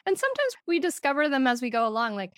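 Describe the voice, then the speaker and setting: Animated woman telling parenting stories. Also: high voice, fast talker, no echo, studio quality. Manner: animated storytelling with laughs. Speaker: parenting guest expert. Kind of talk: podcast conversation.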